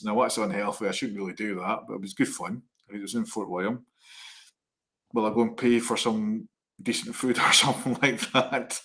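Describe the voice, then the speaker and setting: A middle-aged man co-hosting a chat show, telling rambling personal anecdotes in a lively way. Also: medium pitch. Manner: animated, rambling anecdotes with laughs. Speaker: co-host. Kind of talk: casual storytelling chat.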